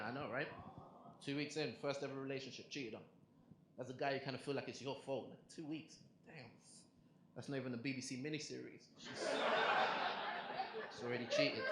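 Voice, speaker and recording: A young man doing a stand-up comedy set, chatty and animated, asking the crowd questions on a club stage. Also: medium pitch. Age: young adult. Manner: conversational, animated punchlines, asks the crowd questions. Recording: echoey club with crowd noise.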